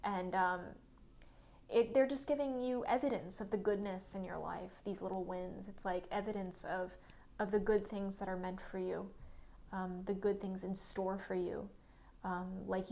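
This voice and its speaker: Musing tarot reader, soft near-whispers. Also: female voice, mid-range voice, steady tone, measured pace. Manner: many fillers and restarts. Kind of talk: monthly tarot reading.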